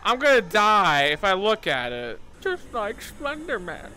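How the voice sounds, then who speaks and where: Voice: mid-range voice, wildly swooping pitch, a little slow, bright, forceful tone, clear, resonant tone. A live streamer talking through a horror game on a headset mic, swearing freely and shrieking when startled. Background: game music.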